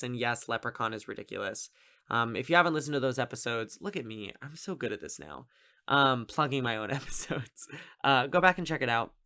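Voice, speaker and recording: A medium-pitched man with a sharp tone hosts a podcast where he reviews a movie solo. His delivery is casual and rambling, with plenty of fillers and amused asides.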